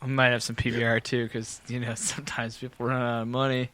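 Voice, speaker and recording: A man's voice: mid-range voice, level tone, brisk, a crowd in the background. A man co-hosting a casual podcast, telling rambling, profane stories and laughing often. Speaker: podcast co-host. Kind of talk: casual bar-talk podcast chat.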